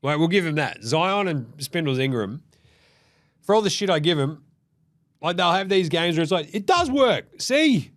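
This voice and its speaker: Speaking at a moderate pace with long pauses, a man with a highish voice and an Australian accent recaps basketball games on his show. The talk is casual and profane, with free swearing and acted-out imaginings of the players' words.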